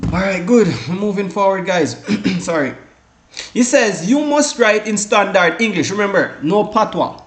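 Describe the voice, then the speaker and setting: A man's voice: sits high, animated, normal speed. A man from the Caribbean giving a casual exam-prep lesson, rambling with many restarts and fillers, often saying "guys" and "all right". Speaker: exam tutor. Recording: echoey room.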